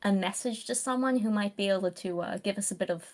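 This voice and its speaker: A woman playing a tabletop game, speaking haltingly as she searches for words. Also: medium pitch. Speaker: player. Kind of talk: casual chat.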